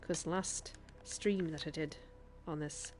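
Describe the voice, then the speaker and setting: A chatty woman streamer with a lowish voice, talking over her gameplay in a put-on Irish lilt. She laughs easily and speaks straight to her chat between moves. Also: fairly even intonation, takes it slowly, darkish tone, slight background noise. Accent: put-on Irish accent. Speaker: game streamer. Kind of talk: live gameplay commentary.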